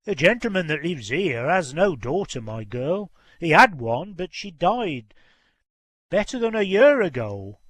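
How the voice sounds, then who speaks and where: A man's voice: fairly high pitch, big pitch swings, unhurried, fairly bright tone, dry recording, heavily acted. Give me a man doing a kindly, plain-talking house servant. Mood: gentle.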